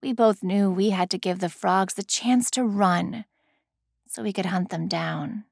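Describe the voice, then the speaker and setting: A man voicing a sing-song, mocking female killer who taunts her prey slowly in a high voice. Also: creaky, dry recording, clean studio sound, exaggerated voice. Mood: taunting.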